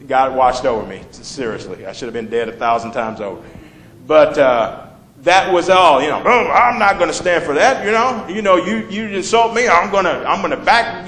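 A man's voice: mid-range voice, a bit bright, roomy sound, low-quality recording. A man preaching a conversational sermon, reading scripture and asking the congregation questions as he explains it.

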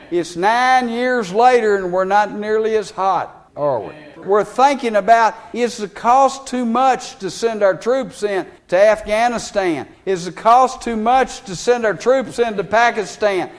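A male preacher, preaching a folksy sermon with plain grammar and scripture quotes. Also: sits high.

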